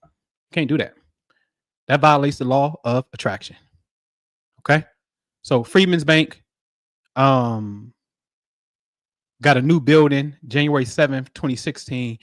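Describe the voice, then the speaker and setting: A man hosting a spiritual livestream, talking in animated, preachy street slang. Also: mid-range voice, measured pace, pauses often, no echo, clean studio sound. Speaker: livestream host.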